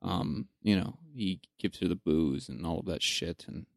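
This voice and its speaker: Gravelly man chatting about a film. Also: low voice, normal speed, dry recording, clean studio sound. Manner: animated retelling, swearing, laughing. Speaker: podcast co-host. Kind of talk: casual film discussion.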